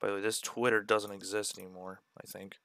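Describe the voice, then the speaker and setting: A man's voice: fairly low pitch, flat delivery, brisk, creaky, a bit bright, no room sound, studio quality. A man streaming, chatting casually and joking with swearing as he reacts to his own old videos.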